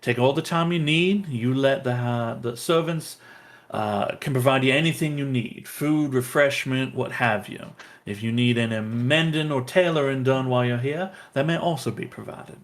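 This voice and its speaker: A man's voice: medium pitch, moderate pace, lightly acted. A polite, welcoming estate lord and father, voiced by a man at the table. He speaks courteously and graciously in a plain, natural voice.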